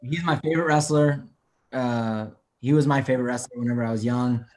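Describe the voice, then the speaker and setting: Brief: young male co-host, mid pitch, earnest and eager fan. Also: steady tone, a little fast, darkish tone. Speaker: podcast co-host. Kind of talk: casual chat.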